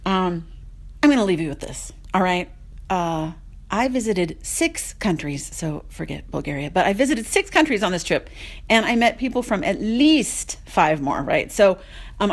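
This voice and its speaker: A woman telling a casual travel story in a chatty, rambling way, full of fillers and asides. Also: fairly low pitch. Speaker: podcast segment contributor.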